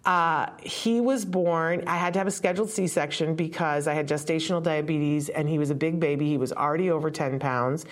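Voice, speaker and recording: Low-voiced woman telling a personal story. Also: fairly even intonation, a little fast, hardly any pauses. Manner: conversational storytelling with asides and quoted voices; emotional, close to tears. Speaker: author and parent speaker. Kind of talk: live talk to an audience.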